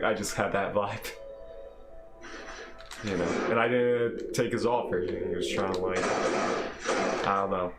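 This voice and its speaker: A young man chatting casually on a gaming stream, rambling and repeating himself. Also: low-pitched. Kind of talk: casual chat. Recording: echoey room with faint hum.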